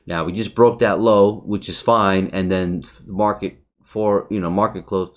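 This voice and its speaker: A man's voice: deep voice, steady tone, normal speed. A man casually reviewing a trading chart, talking loosely, swearing often, restarting phrases and checking in with "right?". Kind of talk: casual market recap over a chart.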